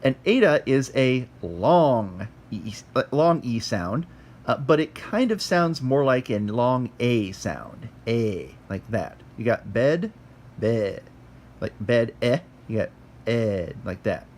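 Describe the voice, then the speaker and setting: A man's voice: medium pitch, very animated, a little mellow. Guy walking thru greek letters, chatty and self-deprecating, voice swings up and down. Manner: conversational, self-deprecating, sounds letters out slowly. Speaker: teacher. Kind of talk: casual lesson.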